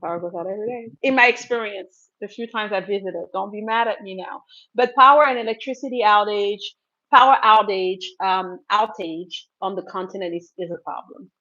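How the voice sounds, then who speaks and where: A woman's voice: medium pitch, fairly quick, sharp tone. A woman from Cameroon chats casually through a livestream Q&A, picking up viewers' comments and answering them with a ready laugh. The sound is a little dull and lo-fi, like a plain livestream mic. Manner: chatty, laughs often, reads out viewer comments. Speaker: livestream host. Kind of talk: casual live Q&A chat.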